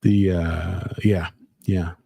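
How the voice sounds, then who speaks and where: A man's voice: sits low, little pitch movement, drawn-out words, vocal fry, mellow, slightly rough, no echo. A man hosting a casual livestream, reading out chat comments in a rambling, playful way with lots of fillers. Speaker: livestream host.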